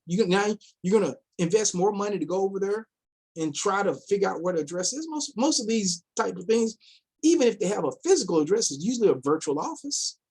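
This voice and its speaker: A man with a high, husky, slightly mellow voice gives casual commentary as an investment vlogger. He fires off rhetorical questions, repeats himself, and mocks imagined investors by putting on their voices.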